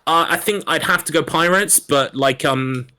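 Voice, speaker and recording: A man's voice: a little high, normal speed, sharp tone. A man racing in a video game, chatting casually on a live stream, rambling, self-deprecating and swearing freely. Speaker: speedrun racer.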